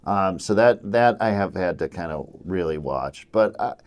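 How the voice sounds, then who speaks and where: A man in his fifties from Minnesota, a musician guest chatting casually in a radio studio, halting and repeating his words as he restarts his thoughts. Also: deep voice, lively intonation, a little mellow. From Minnesota, USA. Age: 50s. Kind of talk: casual interview chat. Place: radio station studio session.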